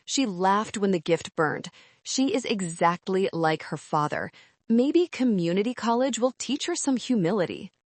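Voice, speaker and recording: Woman narrator, calm and measured, mid-pitched; dry, close read. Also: dry recording. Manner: calm, measured, cold resolve. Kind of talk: scripted first-person story narration.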